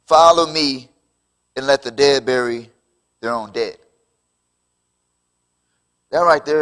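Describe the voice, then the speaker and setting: A man's voice: fairly high pitch, fairly bright tone. A man preaching a conversational sermon, acting out the dialogue of the story. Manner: conversational, acts out biblical dialogue.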